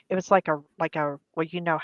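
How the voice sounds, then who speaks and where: A woman's voice: low-pitched, steady tone, moderate pace, no echo. A woman co-host in casual chat, talking in an easygoing, hesitant way. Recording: dry, dull lo-fi sound.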